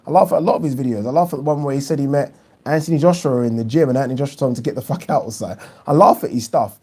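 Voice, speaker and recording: A man with a mellow, warm voice and a medium pitch, talking casually as he hosts a live stream about boxing. He is opinionated and chatty, often pausing on an "um" or repeating a word before he makes his point. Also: breathy edge. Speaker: boxing channel host. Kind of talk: casual live-stream chat, reading viewer questions.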